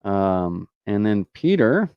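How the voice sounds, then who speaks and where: A man's voice: fairly low pitch, very animated, slow pace, smooth, dry recording, highs cut off. A man with a Southern US accent hosting a live question-and-answer tutorial, talking casually with many fillers like "uh" and "you know". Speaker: host answering viewer questions.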